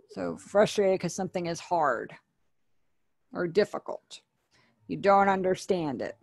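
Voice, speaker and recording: A woman's voice: lowish voice, animated, a little slow, vocal fry, long pauses, dry recording, clean studio sound. A woman teaching an online sign language class, patiently explaining and repeating each word.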